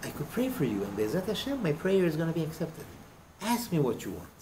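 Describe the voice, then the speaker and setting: A man voicing a kindly older rabbi who gives earnest, gentle advice in a spoken story. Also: fairly high pitch, wildly swooping pitch, a little fast, background noise.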